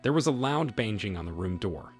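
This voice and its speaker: Low-voiced man narrating with lively pitch. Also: brisk. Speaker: story narrator. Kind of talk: reading a first-person story aloud. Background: faint background music.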